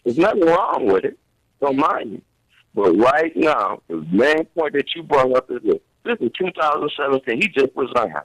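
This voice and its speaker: A man's voice: medium pitch, lively intonation, normal speed, a bit bright, no echo, rough recording. A man, a guest on a talk show, arguing local politics earnestly and emphatically in informal speech.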